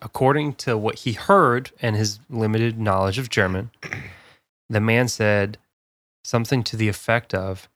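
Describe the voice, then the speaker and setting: A man's voice: fairly low pitch, dry recording. Dry-sounding man telling a story. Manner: relaxed storyteller, laughs often, halting with fillers. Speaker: podcast co-host. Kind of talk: casual chat, storytelling.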